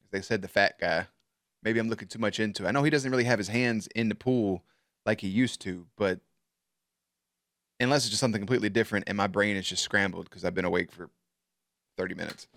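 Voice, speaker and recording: A man's voice: lowish voice, steady tone, a little fast, a bit bright, no echo, clean studio sound. Profane man reacting to a show. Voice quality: profane, laughs often. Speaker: reaction video host. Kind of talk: casual reaction commentary.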